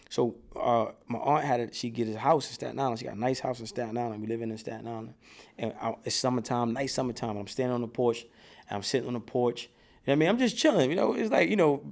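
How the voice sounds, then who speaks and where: A man guest in an interview, telling profane, animated stories from his childhood and getting loud when reenacting scenes. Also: medium pitch, fast, vocal fry. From New York. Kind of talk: casual storytelling in an interview.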